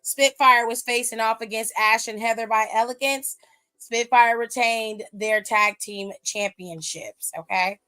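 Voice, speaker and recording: A woman's voice: a little high, fairly even intonation, unhurried, bright, forceful tone, clear, resonant tone. A woman hosting a wrestling aftershow, recapping matches in a blunt, sassy, casual way full of slang.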